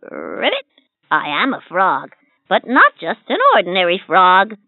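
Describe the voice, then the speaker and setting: A woman voicing a friendly, sly magical wishing frog in a toy's story, croaking between lines. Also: lowish voice, sing-song, no echo, exaggerated voice. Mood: playful. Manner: slow, teasing, storybook delivery. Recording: tinny lo-fi toy speaker.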